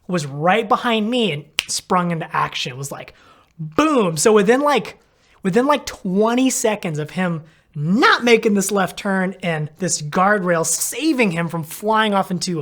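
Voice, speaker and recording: A man's voice: high voice, animated, normal speed, a bit bright. Guy telling a story real casual, says like constantly, acts out what he was thinking. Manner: rambling, heavy on "like", acts out his own thoughts. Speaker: physical therapist and cyclist.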